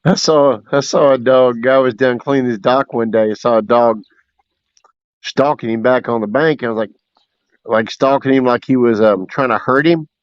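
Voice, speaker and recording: A man's voice: medium pitch, normal speed, no room sound. Laid-back man telling fishing stories. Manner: laid-back storytelling with fillers. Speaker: fishing livestream host. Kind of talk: casual livestream chat. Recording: dull dry audio.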